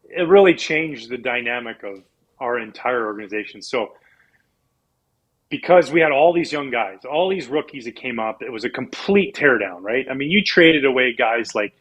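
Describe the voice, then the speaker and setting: A man from Canada, a former professional pitcher, telling animated, rambling stories as a guest in a casual interview. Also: normal speed, breathy edge, poor audio. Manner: animated, rambling with restarts and laughs.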